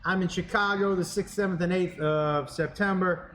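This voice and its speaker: A man's voice: high voice, fairly even intonation, moderate pace, a bit bright, a little hiss or hum. A man who is a comedian co-hosting a podcast, chatting casually in a scattered, self-deprecating, joking way. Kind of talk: casual chat.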